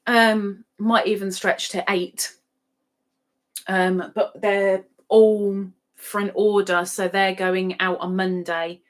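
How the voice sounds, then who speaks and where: A woman's voice: mid-range voice, flat delivery, slow. A middle-aged woman hosting a livestream, casually chatting and reading out viewer comments with giggles. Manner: chatty, giggly, sings playfully. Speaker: livestream host.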